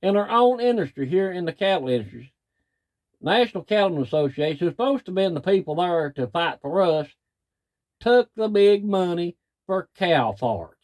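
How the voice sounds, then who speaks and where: Middle-aged man, cattle farmer, fired-up folksy rant, slightly high voice. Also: expressive, moderate pace, darkish tone. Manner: plain-spoken, folksy, angry. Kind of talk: frustrated rant to camera.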